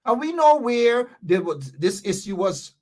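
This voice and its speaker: A man's voice: very high-pitched, sing-song, measured pace, a little mellow. A man from Guyana with a Guyanese Creole accent, hosting a live-stream talk show, reading viewer comments and explaining local slang with lots of repetition.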